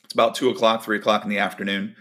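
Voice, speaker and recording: A man's voice: fairly low pitch, little pitch movement, very fast, a bit bright. A man who coaches volleyball, giving a casual devotional talk and telling a personal story with acted-out dialogue. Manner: storytelling, acts out quoted dialogue.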